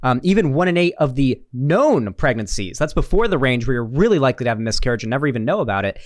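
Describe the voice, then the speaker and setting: A young political commentary host reacts to a video in a fast, sing-song, mid-range voice, sarcastic and rambling with many restarts. The recording is studio quality with no room sound.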